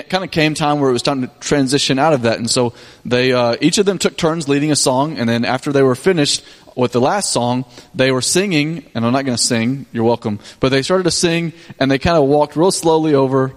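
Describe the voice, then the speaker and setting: A man's voice: mid-range voice, fairly quick. A man, a pastor casually recounting a mission trip to his congregation, with many restarts and fillers. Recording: long hall reverb.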